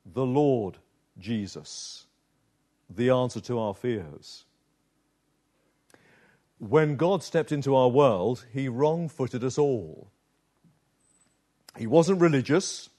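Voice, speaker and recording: Here a man gives an expressive sermon at a slow, theatrical pace, stopping often and letting his voice fall quiet and low whenever he wants to stress something.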